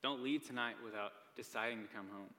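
A young male preacher talks to a gathered crowd in a casual, earnest way and keeps checking in with them. His voice is bright and forceful. A long reverb from the church hall trails after his words. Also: mid-range voice, brisk. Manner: casual and earnest, many "like" and "right?" asides. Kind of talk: sermon. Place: church hall with a live audience.

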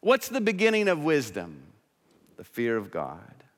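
A male pastor delivering a sermon in a church, earnest and swinging between emphatic and hushed. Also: medium pitch, huge pitch swings, unhurried. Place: church sanctuary. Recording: church hall reverb.

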